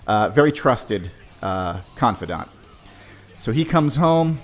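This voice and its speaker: A man's voice: medium pitch, very animated, slow. A man hosting a podcast, telling a personal story in a laid-back, casual way, often saying "man". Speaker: podcast host.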